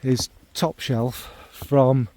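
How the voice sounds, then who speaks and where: This is a middle-aged man who talks casually and wanders off on asides. He makes fun of himself often and fills his pauses with ums. His voice is warm and mellow and sits at an ordinary pitch. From North Midlands of England. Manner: rambling, self-deprecating, full of ums and asides. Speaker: fragrance vlogger. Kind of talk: casual spoken monologue.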